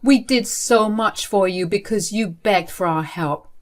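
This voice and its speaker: A woman's voice: medium pitch, a little slow, natural voice. A woman reading as an outraged father. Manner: outraged, shouting questions. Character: furious middle-aged father defending his daughter.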